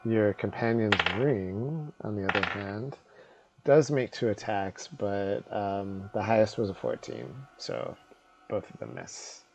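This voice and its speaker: A man's voice: on the low side, slow pace, a little mellow, rough recording. A man running a tabletop game as game master, narrating with playful laughter.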